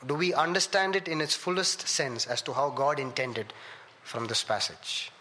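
A man preaching a sermon and telling a personal story, swinging from loud rising questions to hushed low asides. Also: lively intonation, moderate pace, slight background noise.

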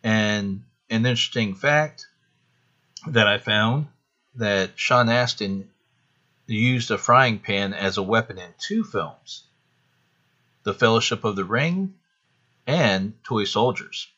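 A man's voice: on the low side, slow pace, long pauses, sharp tone, dull audio. A man hosting a casual solo podcast, chatty and rambling with a self-deprecating touch. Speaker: podcast host.

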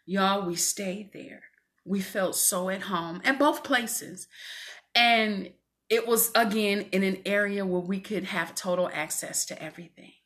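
A woman's voice: mid-range voice, measured pace, a bit bright. A woman minister giving a fervent, preacherly faith testimony to women viewers from her home. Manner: fervent, preacherly, calls listeners "y'all".

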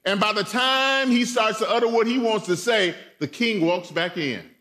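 A man preaching a sermon as a guest preacher in a church, retelling a story in a playful, animated way and calling out to the congregation. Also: sits high, moderate pace. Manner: animated, playful retelling with voiced characters and audience call-outs.

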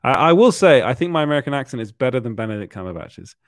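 Young British male host, chatty and giggly, mid-pitched, dry close mic. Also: big pitch swings, racing, no room sound. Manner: laughs often, rambling anecdotes with restarts. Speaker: podcast host. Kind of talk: casual chat.

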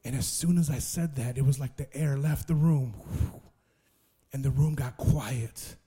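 A man preaching, telling his testimony as a lively story and restarting with repeated words. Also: mid-range voice, measured pace, breathy edge. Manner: lively storyteller who acts out other people's voices.

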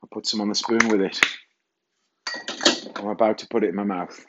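A man's voice: lowish voice, fairly even intonation, brisk, highs cut off, very noisy. A middle-aged man hosting a rambling solo podcast from his kitchen, self-mocking and casually swearing. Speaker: podcast host. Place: home kitchen.

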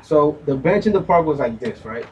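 A man's voice: a little high, brisk, lo-fi sound, slight background noise. A young man telling a story in a hyped, slangy way, swearing freely. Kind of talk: casual chat, storytelling. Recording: distant mic with lively crowd behind.

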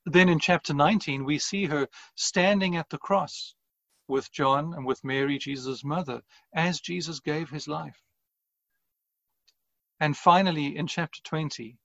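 A man preaching a sermon as pastor, in an earnest, measured way with deliberate pauses. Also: a little high, no room sound, highs cut off.

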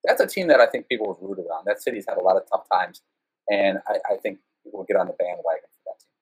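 Husky-voiced man telling a story. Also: sits low, fast talker, rough recording. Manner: animated, self-mocking, many fillers. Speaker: guest. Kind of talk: casual storytelling interview.

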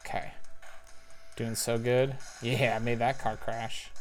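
A man giving casual commentary while playing a spy video game, thinking aloud with little excited outbursts. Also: medium pitch, slow pace, slight background noise. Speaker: parent. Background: faint game music.

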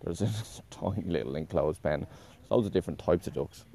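A man's voice: low voice, a little fast, vocal fry, dark tone. A man talking in a casual, meandering monologue, correcting himself often and swearing offhandedly.

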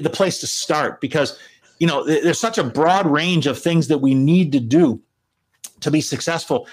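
A man's voice: fairly high pitch, poor audio. A man co-hosting a live business broadcast, talking casually to viewers with many fillers and repeated words. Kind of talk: casual conversational talk to viewers.

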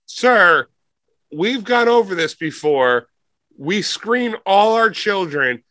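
A man's voice: sits high, animated, takes it slowly, sharp tone, heavily acted. A man playing a stiffly polite clerk. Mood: polite firm. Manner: formal, patient, says "sir" a lot. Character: polite weary male orphanage clerk.

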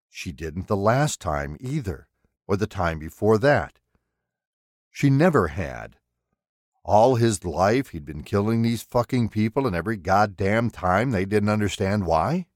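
A low-voiced man narrating a thriller audiobook at a very slow, deliberate pace. His delivery is expressive, with lots of rise and fall. The studio sound is dry and close. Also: no room sound. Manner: measured, expressive storytelling. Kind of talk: scripted narration.

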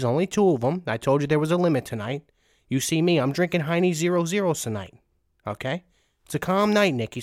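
A man's voice: fairly high pitch, dry recording, studio quality. A man hosting a podcast, chatting casually with a guest in a playful, mock-stern way. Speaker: podcast host.

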